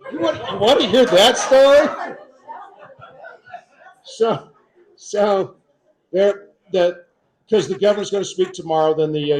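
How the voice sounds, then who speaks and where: Male panelist, higher register, animated storyteller. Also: low-quality recording. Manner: animated anecdote with quoted asides. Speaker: state representative.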